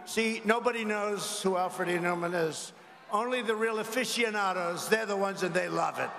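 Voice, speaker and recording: A man's voice: high voice, moderate pace, vocal fry, sharp tone, slight background noise. Man mocking rivals at a rally. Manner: rambling, mocking, conversational asides to the crowd. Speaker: political rally speaker. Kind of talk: campaign rally speech. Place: large indoor arena rally. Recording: echoey arena hall with faint ambience.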